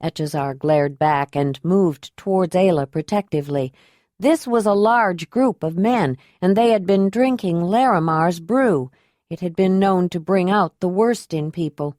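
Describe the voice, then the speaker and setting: A woman narrating an audiobook in an even, unhurried storytelling manner. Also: lowish voice, no echo, studio quality.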